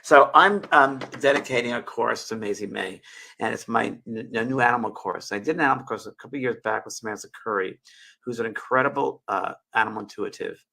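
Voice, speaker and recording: A man hosts his show and tells a tender personal story, circling back and restarting often. His voice is gravelly and a little husky, with a bright, forceful edge. He speaks into a webcam. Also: mid-range voice, fairly quick. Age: 60s. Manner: rambling, emotional, with frequent restarts and laughs. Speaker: show host.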